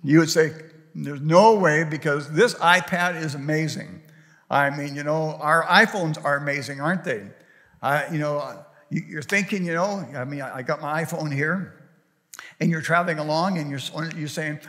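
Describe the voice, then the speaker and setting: A man preaching in a church hall, his bright, forceful voice trailing a long reverb. He tells things in a folksy, rambling way, full of fillers and restarts. He is an older man and speaks a little higher than most men. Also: normal speed. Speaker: pastor. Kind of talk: sermon. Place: church sanctuary.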